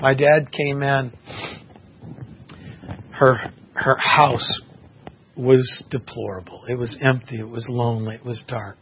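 Male preacher, mid-pitched, earnest testimony; dull lo-fi recording with faint hiss. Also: level tone, slow pace, long pauses. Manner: earnest, impassioned storytelling. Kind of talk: sermon with personal testimony. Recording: muffled recording with faint background noise.

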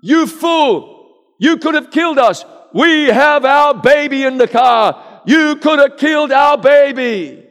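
Man doing a shrill panicked young mom, yelling, long hall echo. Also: slow, full character voice. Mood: frantic. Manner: shrill screaming. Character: frantic young mother screaming at an attacker.

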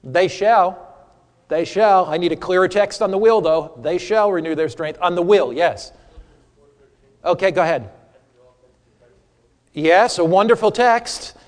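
Guy with a pretty high voice running a lively church seminar, cracks jokes, keeps asking the crowd for verses. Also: a little slow, pauses often, in a large hall. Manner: animated, humorous, quizzes the audience. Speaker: preacher teaching a seminar. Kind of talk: interactive sermon lesson with audience. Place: church or hall before a live audience.

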